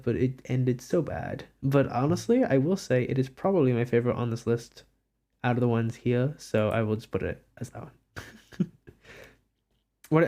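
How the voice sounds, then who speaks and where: A nineteen-year-old streamer chats through a live stream while drawing, giggling often and poking fun at themself. The pitch rises and falls a great deal, keeping the talk lively and animated. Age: about 19. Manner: giggly, self-mocking, chatty.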